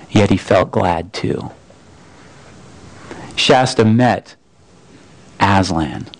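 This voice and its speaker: A man's voice: on the low side, darkish tone, low-quality recording. Male pastor, earnest sermon delivery with many repeated phrases and restarts. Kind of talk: sermon with story reading.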